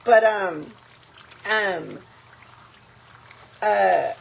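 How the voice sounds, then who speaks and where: A young woman hosts a casual cooking vlog from her home kitchen, filmed on a phone on a tripod. Her medium-pitched voice is expressive, gravelly and slightly rough, with drawn-out words. She chats freely with frequent fillers and slips into Spanish phrases, and the recording is rough.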